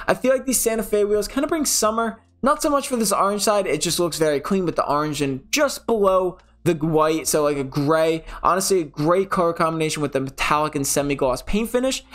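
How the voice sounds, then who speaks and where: A man's voice: high-pitched, a bit bright. A young man from the New York area chatting casually over game footage, often correcting himself mid-sentence. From New York City area. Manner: chatty, self-correcting, rambling. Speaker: gaming channel host.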